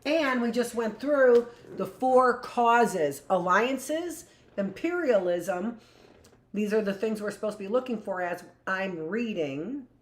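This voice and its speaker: A woman's voice: medium pitch, lively intonation, slow, roomy sound. A woman teacher giving a live online history lesson, chatty and jokey, asking questions and answering for imagined students.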